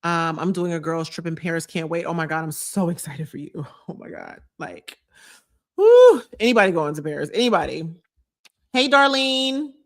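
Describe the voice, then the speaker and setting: A woman's voice: low voice, big pitch swings, brisk, darkish tone. A woman vlogger chatting casually on a live stream, gushing and reading out viewer comments. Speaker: vlogger hosting a live chat.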